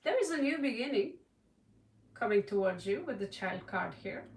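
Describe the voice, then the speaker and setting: A woman's voice: medium pitch, expressive, normal speed. A woman from Norway giving a live tarot reading, chatty and laughing often, calling viewers by name. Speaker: tarot reader. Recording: roomy echo, distant mic.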